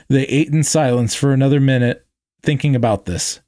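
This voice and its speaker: A man reads his own novel aloud with a plain delivery and an occasional stumble. His voice sits at a middle pitch, recorded dry and close. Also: fairly even intonation, a little fast, warm tone, no echo. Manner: plain reading with frequent restarts. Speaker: author reading his novel. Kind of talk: reading his fiction aloud.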